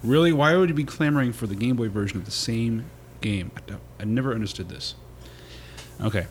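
A man hosting a casual chat, reading magazine pages aloud in a relaxed, wry way with frequent hesitations. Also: medium pitch, brisk, slight background noise. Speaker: podcast host.

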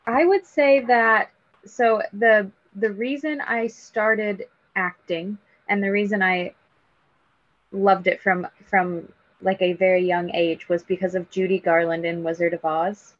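A woman's voice: medium pitch, steady tone, measured pace, no room sound. A woman telling stories as a podcast guest, bubbly and self-mocking, sprinkling her talk with "like". The recording is a little dull and muffled. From United States. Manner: bubbly, self-deprecating, fillers like "like". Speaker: actress guest. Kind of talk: casual podcast interview.

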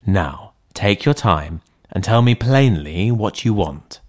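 A man voicing a composed lawyer who speaks in a low, measured, firm way. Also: expressive. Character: composed male lawyer, middle-aged, firm and calm.

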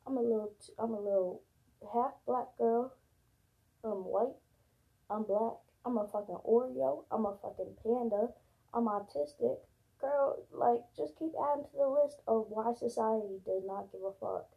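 A young woman venting in a casual vlog monologue, blunt and profane, repeating herself for emphasis, her voice husky and gravelly. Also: fairly high pitch, normal speed. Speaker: vlogger. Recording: lo-fi phone-like audio.

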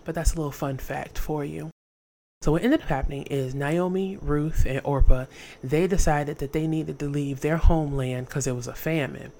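A woman casually retelling a story for laughs, slangy and animated. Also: sits low, moderate pace, a little hiss or hum. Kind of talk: comic storytelling.

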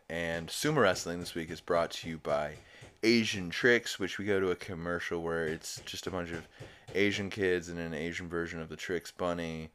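A young man with a very low, smooth, clear voice recaps a cartoon episode in a loose, rambling way. He swears freely and laughs at the jokes as he goes. He sounds like a casual podcast host. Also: fairly bright tone. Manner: rambling, profane, laughs while retelling.

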